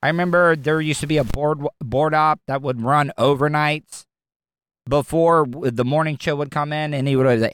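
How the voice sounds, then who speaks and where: Southern talk radio host, male, somewhat high smooth voice, blunt and rambling, dry studio sound. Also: fairly even intonation, moderate pace, a bit bright, no echo. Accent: Southern American. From American South. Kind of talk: opinionated talk radio monologue.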